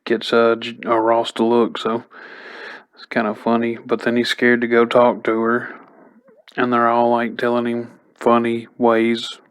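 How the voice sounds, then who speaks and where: A man reviews a TV episode in a relaxed, chatty recap, stringing it together with fillers. His voice is smooth and clean. He keeps a level, flat delivery that rarely rises or falls. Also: medium pitch, measured pace. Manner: chatty, loose retelling full of "like" and "you know". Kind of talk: casual spoken recap.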